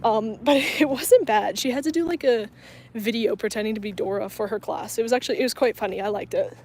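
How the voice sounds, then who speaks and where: A chatty young woman in her twenties from the North Carolina coast livestreams outdoors in a parking lot and grassy area, laughing often and answering viewer comments. Her voice is a little high, a little fast, and slightly mellow, with a bit of hiss or hum.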